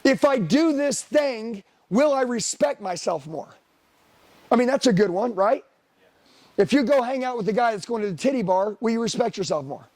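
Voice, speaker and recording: This middle-aged man's voice is very high-pitched and animated, moving at normal speed with a little mellowness. Running a sales seminar, he pushes hard with blunt, profane motivation and a barrage of rhetorical questions aimed at the audience.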